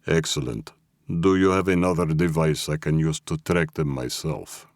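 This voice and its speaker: A man voicing a cool, businesslike male mob henchman who speaks flatly and deliberately. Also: a bass voice, no echo, studio quality.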